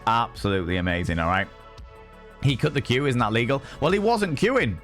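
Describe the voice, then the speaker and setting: Chatty, cussing streamer. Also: male voice, medium pitch, big pitch swings, a little fast, faint music behind. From Yorkshire, England. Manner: chatty and swearing, greets viewers warmly by name. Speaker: livestream host. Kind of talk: casual live-stream chat.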